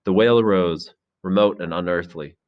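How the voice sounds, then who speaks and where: A man narrating a novel aloud in a measured, dramatic storytelling manner. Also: deep voice, lo-fi sound. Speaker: teacher reading a novel aloud. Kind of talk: expressive audiobook narration.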